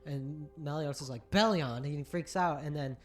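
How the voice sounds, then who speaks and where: Man podcast host, animated plot recap, loud character bits, faint music behind. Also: on the high side, fairly quick. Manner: excited storyteller, acts out character lines in a raised voice. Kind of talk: casual recap of an anime film.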